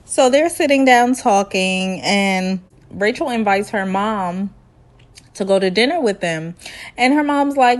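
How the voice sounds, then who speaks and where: A woman's voice: mid-range voice, takes it slowly, pauses often. A woman in her late twenties hosting a casual, sassy reality TV recap, acting out the people she talks about and laughing often. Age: 20s. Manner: sassy, animated storytelling with impressions and laughter.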